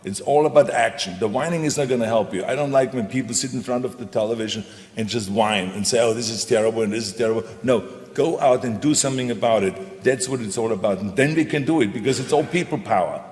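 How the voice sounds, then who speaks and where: A man's voice: medium pitch, fast, few pauses, darkish tone. Emphatic man in a reverberant hall. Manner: emphatic, repetitive, motivational. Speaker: panel speaker. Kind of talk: stage panel talk.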